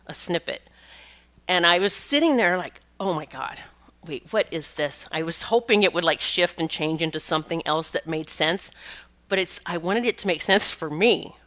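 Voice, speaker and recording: Speaking in a mid-range voice that sounds pushed and bright, this middle-aged podcast host, who is also a pet communicator, delivers a casual, rambling monologue. She restarts frequently and laughs occasionally as she tells stories.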